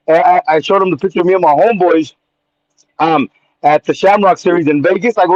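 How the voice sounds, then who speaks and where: A man calling in to a live show, telling an excited story in slangy, animated chat and calling the host man and homie. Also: high-pitched, fast, no room sound. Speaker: caller. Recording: muffled phone-line call.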